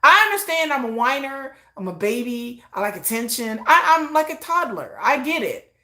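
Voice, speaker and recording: A woman's voice: high voice, very animated, normal speed, sharp tone. A middle-aged woman hosting a livestream, chatting casually in a rambling, self-mocking way. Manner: rambling, self-mocking, acts out both sides of remembered conversations. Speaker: livestream host. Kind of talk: casual chat.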